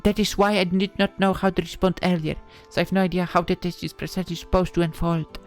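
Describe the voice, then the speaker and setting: A woman voicing a fairy godmother, explaining things in a measured, formal way. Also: on the low side, steady tone, soft background music, natural voice.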